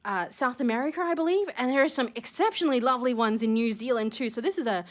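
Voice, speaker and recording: A young woman, casually unboxing shells in her vlog and gushing with rambling excitement. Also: a little high, fast talker. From Australia. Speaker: shell-collecting vlogger.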